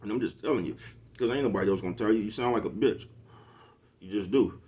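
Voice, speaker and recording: Talking quickly in a mellow, lowish voice, a middle-aged man delivers a preachy yet casual monologue to camera. He's a social media commentator who keeps checking if you know what he's talking about.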